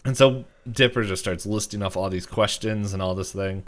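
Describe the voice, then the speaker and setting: Low-voiced man rambling through a recap. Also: very animated, a little slow, long pauses. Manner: rambling retelling, heavy use of "like", frequent chuckles. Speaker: podcast co-host. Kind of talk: casual episode recap chat.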